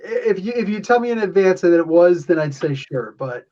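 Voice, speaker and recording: A man's voice: high voice, expressive, fairly quick, warm tone. A man acting as game master, explaining the rules loosely and laughing often. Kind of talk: running a tabletop game. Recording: dull lo-fi sound.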